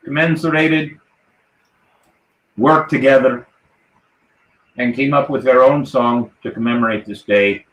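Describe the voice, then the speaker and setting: A man hosts a live podcast as a jolly pirate captain, rallying and toasting his crew in a hearty voice. His voice sits at a middle pitch. The room around him is noticeably echoey. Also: fairly bright tone. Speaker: podcast host. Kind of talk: live podcast chat in a playful pirate persona.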